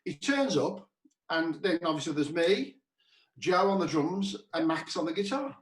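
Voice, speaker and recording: A man's voice: a little high, expressive, unhurried. A man hosting a cabaret chat show, casually telling a rambling anecdote with many restarts over a video call. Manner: rambling, repeats "he said", restarts often. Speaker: cabaret musician host. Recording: roomy echo.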